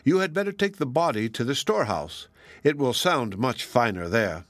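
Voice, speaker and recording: A man voicing a sly, hungry male fox in a storybook, coaxing and wailing in a high singsong. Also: lively intonation, moderate pace, no room sound, lightly acted.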